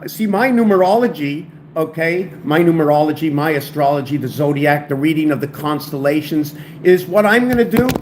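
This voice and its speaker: A man's voice: fairly high pitch, normal speed, few pauses, a little mellow, slight background noise. Rambling, stumbling man on camera. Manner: rambling, stumbles and restarts over words, thinks aloud. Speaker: channel host explaining word and number theories. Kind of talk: rambling solo video talk. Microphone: home camera setup.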